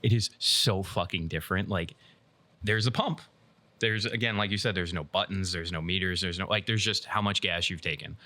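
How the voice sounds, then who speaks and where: A young man hosting a podcast who tells casual stories quickly and swears freely. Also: low voice, pushed and bright. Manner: fast storytelling, swears freely. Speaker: podcast host. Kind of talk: casual chat.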